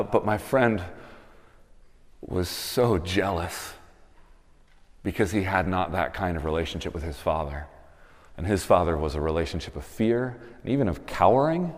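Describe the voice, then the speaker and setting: A man in his thirties preaching a sermon, telling stories and building to emphatic appeals. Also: low-pitched. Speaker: pastor. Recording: long reverb of a church hall.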